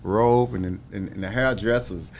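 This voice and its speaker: A man being interviewed as a guest singer, telling a story in a casual, animated way and laughing as he acts out the people he quotes. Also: fairly low pitch, measured pace.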